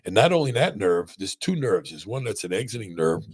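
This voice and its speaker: A man hosting a casual podcast conversation as a spine surgeon, telling animated stories and often checking in with "right?". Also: fairly low pitch, brisk, husky. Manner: animated storyteller, many restarts and "right?" checks.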